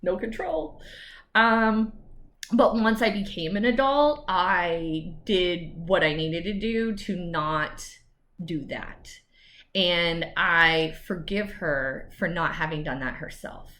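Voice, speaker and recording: A woman's voice: on the low side, slow, a bit bright. A woman lawyer talking candidly to camera in a personal vlog, chatty with asides.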